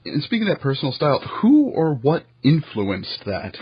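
An American man interviewing a guest, asking measured, prepared questions over a muffled remote call. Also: fairly high pitch, sing-song, slightly rough. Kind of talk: casual interview conversation.

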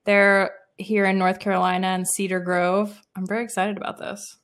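A woman's voice: medium pitch, flat delivery, normal speed, a bit bright. A woman, a dietitian guest, chatting casually on a podcast in a bubbly, giggly way. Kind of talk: casual chat.

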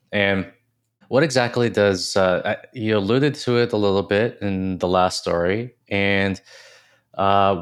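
A man's voice: low-pitched, clear, resonant tone. A man hosting a podcast, asking hesitant questions full of fillers. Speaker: podcast host. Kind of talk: podcast conversation.

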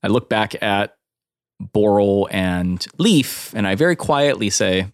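A man with a deep voice, relaxed and talky as he plays a tabletop game with friends. He sounds dry and close to the mic. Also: takes it slowly, no room sound. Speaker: player. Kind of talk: tabletop game play, in-character narration.

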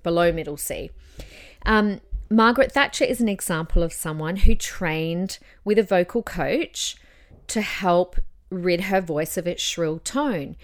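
A woman's voice: on the low side, measured pace. A young adult woman hosting a casual advice podcast, talking in an encouraging way and demonstrating voice changes as she goes. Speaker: podcast host and voice coach.

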